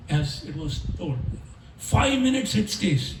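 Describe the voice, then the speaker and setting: A man delivers a storytelling sermon at a home program. He acts out the figures of the story with animated shifts in his delivery. The mic sits some way off, and the room rings with echo. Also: fairly high pitch, slow, pauses often, a little hiss or hum. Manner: animated storyteller who acts out the characters' lines. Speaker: preacher giving a scripture class. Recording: echoey room, mic at a distance.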